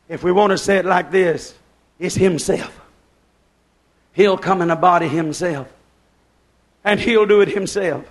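A man preaching a sermon, building to shouted climaxes and dropping to hushed passages. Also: sits high. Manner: impassioned, shouting in bursts, then hushed.

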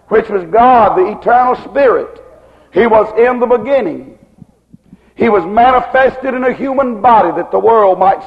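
A man's voice: very high voice, gravelly. A man preaching a sermon in a rhythmic style, asking the congregation rhetorical questions again and again. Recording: muffled recording with long hall reverb.

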